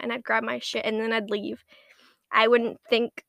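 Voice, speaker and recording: Young woman, vlog rant; rambling, crude, self-deprecating, some whispered asides; slightly high voice, dry close recording. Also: flat delivery, normal speed, vocal fry, a bit bright, dry recording. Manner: crude, self-mocking, rambling, swears constantly. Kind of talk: casual monologue to camera.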